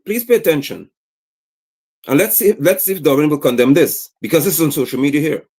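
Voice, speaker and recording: A man's voice: fairly high pitch, a little fast, darkish tone, breathy edge. A man giving livestream political commentary, indignantly reading posts aloud and firing off rhetorical questions. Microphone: streaming setup mic.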